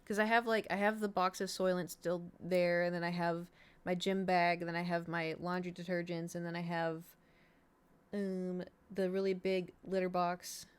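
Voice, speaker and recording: A young adult woman chats casually on a home stream, her voice sitting a little low. She rambles from one thought to the next and swears freely as she tells her stories. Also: flat delivery, normal speed, clean tone. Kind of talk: casual chat. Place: home room.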